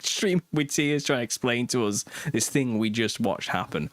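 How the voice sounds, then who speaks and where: A man's voice: medium pitch, a little fast, hardly any pauses, dry recording, clean studio sound. A British man in his thirties hosting a casual livestream, chatting and reading viewer comments, laughing often mid-sentence. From United Kingdom. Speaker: host.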